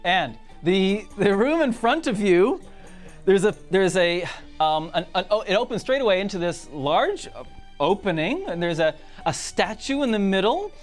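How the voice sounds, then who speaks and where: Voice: mid-range voice, big pitch swings, moderate pace, soft background music. A game master narrating a tabletop game, hesitant and full of fillers.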